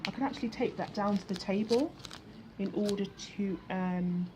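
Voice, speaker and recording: Crafting outdoors at a table, a vlogger chats with her audience in a mid-range voice at a moderate pace, now and then mocking herself. There is background noise throughout.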